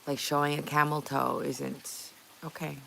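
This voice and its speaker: A woman's voice: deep voice, flat delivery, a little slow, gravelly, pushed and bright, a little hiss or hum, low-quality recording. A woman livestreamer chatting casually with her viewers, reading their messages aloud, playful and often laughing.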